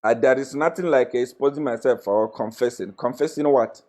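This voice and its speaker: A man's voice: mid-range voice, normal speed, a little mellow. A young man gives a confrontational live-stream monologue as a self-styled prophet. He mocks and accuses, repeating his phrases and laughing with scorn. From Zambia.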